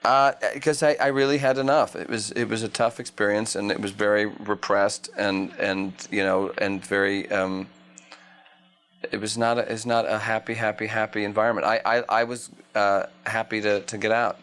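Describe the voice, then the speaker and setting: A man in his thirties with a lowish voice answers questions as an actor at a press junket. He speaks wryly, rambles, and trips over restarts as he works his way through each answer. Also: little pitch movement, moderate pace, fairly bright tone, smooth. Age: 30s. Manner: wry, rambling, stumbles and restarts. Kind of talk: casual interview answers.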